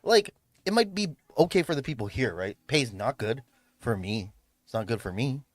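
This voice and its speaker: A man's voice: medium pitch, lively intonation, moderate pace, no room sound. Laid-back, rambling male streamer. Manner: laid-back, rambling, swears and laughs often. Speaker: livestreamer and event host. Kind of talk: casual livestream chat. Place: home room. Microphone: streaming mic.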